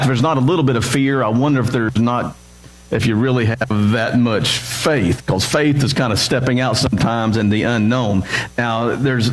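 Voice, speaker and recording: A pastor giving a sermon, telling a story in a lively way and acting out the characters' dialogue. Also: male voice, medium pitch, rough recording. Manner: storytelling, acts out voices in dialogue. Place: church.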